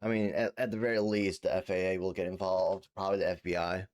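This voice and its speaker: A man's voice: low-pitched, flat delivery, quick pace, darkish tone. A man streaming, casually commenting on a news clip with laid-back, stammering remarks.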